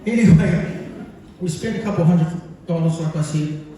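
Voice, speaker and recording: A man gives a speech to his mother, wandering through a funny story with plenty of ums. His voice sits a little high and sounds mellow. The recording catches him from a distance in a big hall that rings with echo. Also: normal speed, a little hiss or hum. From New Zealand. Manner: rambling, humorous storytelling with many fillers. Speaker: son giving a birthday speech. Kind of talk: speech to a gathering. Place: large function hall. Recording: echoey hall, captured from far off.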